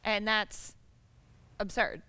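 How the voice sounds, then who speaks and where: A woman panelist answering a question, thinking aloud with pauses and fillers. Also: medium pitch, fairly even intonation, bright, forceful tone, smooth. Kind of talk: panel discussion.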